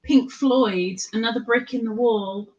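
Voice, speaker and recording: A woman's voice: a little high, unhurried, a little mellow, muffled recording. A woman with an English accent chatting casually and playfully on a live stream. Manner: chatty, playful, jokes around.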